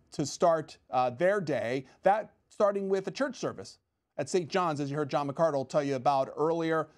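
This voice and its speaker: A man hosting a live TV call-in program, speaking in a measured way with frequent "uh" pauses. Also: medium pitch, a little mellow. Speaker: call-in show host.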